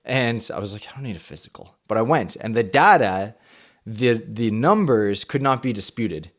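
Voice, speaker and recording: A young adult man hosting a faith podcast, telling a personal story and acting out his own past thoughts in a lively way. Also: on the low side, normal speed. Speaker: podcast host. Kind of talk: personal testimony and Bible talk.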